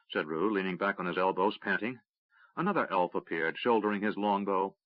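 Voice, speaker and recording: A man narrating a fantasy audiobook in a steady, measured reading. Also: low-pitched, dry recording. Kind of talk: scripted narration. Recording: dry, slightly dull audiobook recording.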